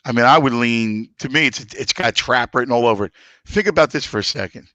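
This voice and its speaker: A man's voice: medium pitch, a little fast, sharp tone, dry recording. A man who hosts sports radio, chatting emphatically and egging his co-host on. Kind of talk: casual chat.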